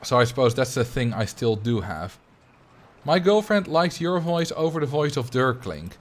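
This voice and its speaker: Dutch-accented guy chatting on his stream, animated and chatty, average pitch. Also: normal speed. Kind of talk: casual livestream chat.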